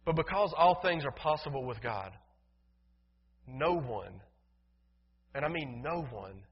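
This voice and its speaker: A male pastor preaching a sermon in a church, emphatic, swinging from loud declarations to soft, low passages. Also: expressive, unhurried, slightly rough. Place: church sanctuary. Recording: dull, reverberant hall sound.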